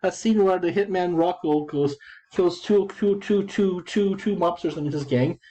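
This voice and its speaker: A man's voice: sits high, a little slow, mellow, low-quality recording. A man in his thirties talking casually about his game chat, digressive and full of restarts and repeated words. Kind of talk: rambling casual commentary.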